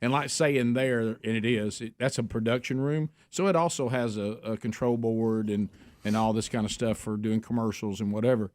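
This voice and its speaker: A man co-hosting a radio show, telling stories in a casual, animated way and acting out the quoted voices. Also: on the low side, moderate pace, no room sound. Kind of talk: casual talk radio storytelling. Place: radio studio. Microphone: studio microphone.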